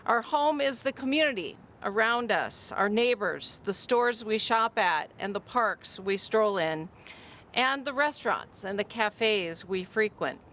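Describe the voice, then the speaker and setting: A woman's voice: medium pitch, expressive, a little slow, a bit bright, slight background noise. A woman from Minnesota, a city mayor, giving a composed, prepared speech at an outdoor event. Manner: composed, formal after a joking opening.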